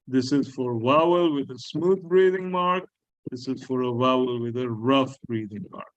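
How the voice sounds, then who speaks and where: A man lecturing a class on Greek grammar, slowly repeating key words and asking his students questions. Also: mid-range voice, highs cut off. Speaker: Greek teacher.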